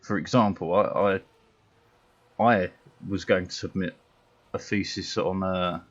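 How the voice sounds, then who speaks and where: British male streamer, very low voice, blunt and sweary, dull lo-fi mic sound. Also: level tone, a little slow. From Britain. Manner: blunt, sweary, laughs often. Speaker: game streamer. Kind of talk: casual chat while gaming.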